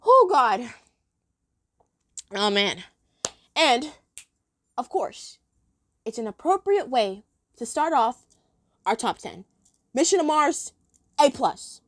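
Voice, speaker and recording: A woman's voice: fairly high pitch, very animated, slow, pauses often, a bit bright, dry recording. A woman chatting casually as she ranks cartoon episodes, gushing and giggly. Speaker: episode ranking vlogger. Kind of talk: casual chat.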